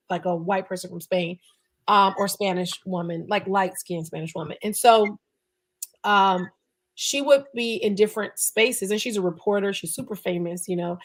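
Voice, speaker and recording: A woman's voice: mid-range voice, moderate pace, a bit bright. Chatty woman podcast guest. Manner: chatty, lots of "like" and "you know". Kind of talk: casual podcast conversation.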